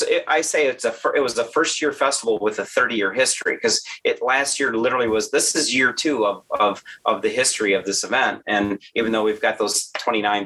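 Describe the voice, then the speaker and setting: A man's voice: mid-range voice, sharp tone, slightly rough, poor audio. A man being interviewed as a festival organizer, explaining his plans earnestly, with frequent restarts. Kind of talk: casual interview chat.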